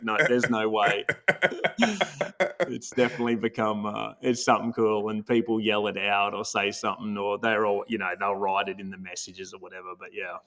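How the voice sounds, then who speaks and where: Laughing Australian man with a Toowoomba accent. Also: lowish voice. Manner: easygoing, laughs often while telling stories. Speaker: guest, pro angler. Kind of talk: casual interview chat.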